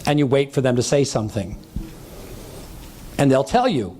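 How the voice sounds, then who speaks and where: A man's voice: medium pitch, big pitch swings, normal speed, warm tone. A man teaching a seminar on sales, who acts out the dialogue he describes and keeps checking in with his listeners. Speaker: sales trainer. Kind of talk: seminar talk to a live audience.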